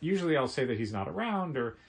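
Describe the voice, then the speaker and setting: A man co-hosting a casual podcast, telling stories in a lively way and acting out both sides of phone calls he quotes. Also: fairly high pitch, quick pace. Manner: animated storytelling with quoted phone voices. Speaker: podcast co-host, comic shop co-owner.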